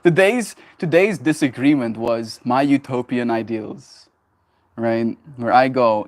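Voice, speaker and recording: A young man in his twenties talks to his stream in an animated, emphatic way. He tells a story and laughs often. His pitch sits in an ordinary middle range. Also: a little slow. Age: 20s. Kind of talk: casual livestream storytelling.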